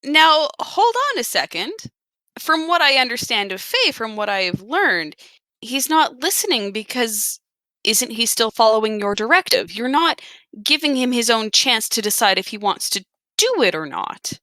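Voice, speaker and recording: A woman's voice: on the high side, sing-song, moderate pace, pushed and bright, dry recording, pitched above the performer's own voice. A woman voicing a formal, earnest male cleric who speaks in stiff, old-fashioned phrases.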